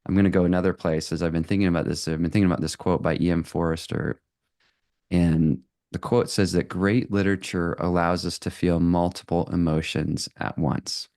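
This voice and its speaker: A man giving a live talk to an audience, animated and conversational, with lots of fillers and quick laughs. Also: low voice, dry recording, clean studio sound.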